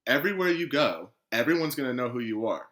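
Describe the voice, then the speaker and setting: Male podcast guest with a bright, forceful voice, animated storyteller who acts out what people said. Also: medium pitch, fast talker. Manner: lively storyteller, acts out quoted conversations. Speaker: guest, professional footballer.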